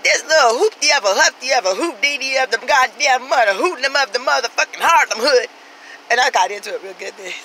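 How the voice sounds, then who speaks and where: A woman's voice: a little high, pushed and bright, slight background noise, rough recording. A woman telling a profane comic story in a brash, sassy, street-talking way, acting out everyone she quotes. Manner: brash, swears constantly, acts out every quoted voice.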